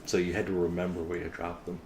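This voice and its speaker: Low-voiced man reacting to a game. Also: monotone, fast talker, a little mellow, echoey room, slight background noise. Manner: reactive, asks questions, laughs along. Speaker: friend watching and co-commentating. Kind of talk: casual game commentary.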